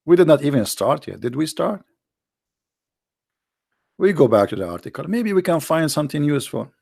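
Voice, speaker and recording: A man's voice: a little high, very animated, normal speed, gravelly, a little mellow, no room sound, studio quality. A man with an Arabic accent hosting his channel, giving sarcastic, mocking commentary with rambling asides. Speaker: channel host. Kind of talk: mocking religious commentary stream.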